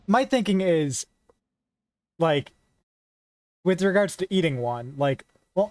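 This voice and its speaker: A woman's voice: lowish voice, slow pace, long pauses, no echo, soft background music. A young woman chatting casually as a host, rambling through a playful argument with lots of fillers and a constant "right?". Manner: rambling, filler-heavy, keeps asking "right?"; playful, animated. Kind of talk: casual debate chat.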